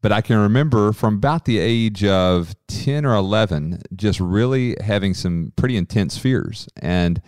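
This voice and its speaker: A man co-hosting a faith podcast, speaking in a calm, measured way. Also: fairly low pitch, smooth, dry recording, studio quality. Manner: calm, measured, quotes scripture. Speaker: co-host.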